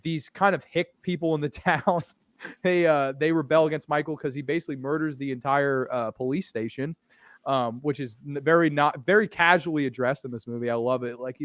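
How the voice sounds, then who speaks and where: A man hosting a casual podcast chat, gushing with excitement and swearing freely. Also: a little high, fairly quick, dry recording, studio quality. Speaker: podcast host.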